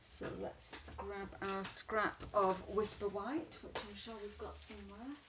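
A woman's voice: medium pitch, fairly even intonation, measured pace. A woman chatting casually while demonstrating card making, thinking aloud as she works. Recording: dull lo-fi sound with faint hiss.

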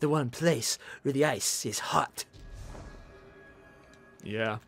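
A male streamer chatting casually while playing, excitable and swearing, with loud outbursts. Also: medium pitch, slow, gravelly, soft background music. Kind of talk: casual gaming chat.

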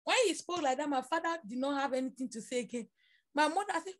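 Woman preacher, high-pitched, dramatic storyteller who laughs mid-sentence. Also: brisk. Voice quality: laughs through her words, dramatic storytelling. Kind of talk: animated storytelling sermon.

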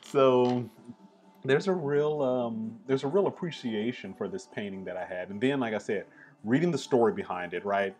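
A man hosting a casual art appreciation vlog, talking in a relaxed, chatty, enthusiastic way. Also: fairly low pitch. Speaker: host.

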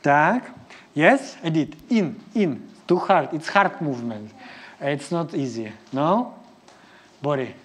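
In a ballet studio with piano music behind, a ballet teacher leads a live class, counting and scatting rhythms in choppy English. The voice is medium-pitched and slow-paced, with lively intonation.

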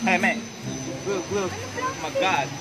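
A man with a Filipino accent vlogging in broken English, joking and excitable, mixing in Tagalog slips. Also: high-pitched, unhurried, heavy background noise. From Philippines. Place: outdoor amusement fair. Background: loud music.

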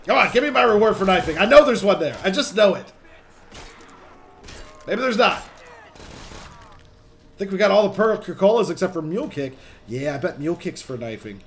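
A young man casually commenting on his own gameplay as a channel host, chatty and excitable, swearing when things get tense. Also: high-pitched, a little fast, long pauses.

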